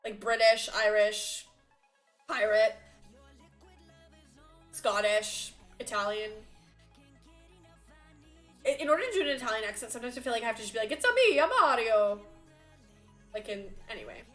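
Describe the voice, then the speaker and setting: A woman's voice: fairly high pitch, moderate pace, pauses often, fairly bright tone, soft background music. A young woman streamer chatting casually and reading her chat aloud, laughing often.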